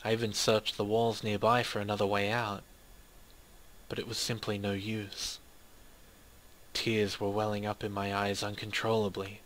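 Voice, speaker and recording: A man reading a dramatic first-person story in a steady, measured way. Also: fairly low pitch, slight background noise. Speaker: narrator.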